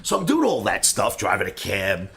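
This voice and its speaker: Man, middle-aged, from New York area, storytelling, gravelly, lively pitch. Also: normal speed. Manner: animated storyteller, acting out dialogue. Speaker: trading educator and host. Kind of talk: personal storytelling monologue.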